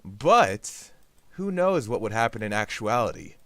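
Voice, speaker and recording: Here the gaming YouTuber speaks in a lowish, sing-song, fairly bright voice at a measured pace, recorded dry. He plays and rambles on his own channel, cracking goofy jokes and suddenly launching into silly voices.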